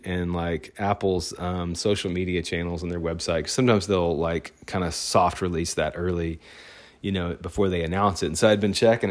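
A man, a photographer, telling a personal story in a casual, rambling, excitable way. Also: low voice.

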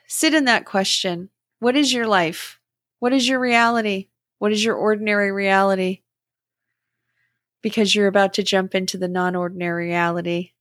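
A middle-aged woman hosting a podcast, speaking in a slow, gentle and contemplative way about spiritual growth. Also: medium pitch, no echo, studio quality. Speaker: podcast host. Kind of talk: reflective spiritual talk.

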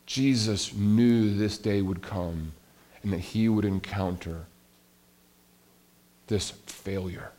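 A man preaching a sermon in a conversational, animated way, swinging between soft and loud. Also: lowish voice. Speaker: pastor.

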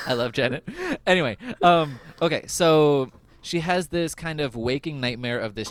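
A male podcast host chatting casually about a TV episode, laughing often and filling pauses with "um.". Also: a little high, wildly swooping pitch, slight background noise. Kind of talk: casual chat recapping a TV episode.

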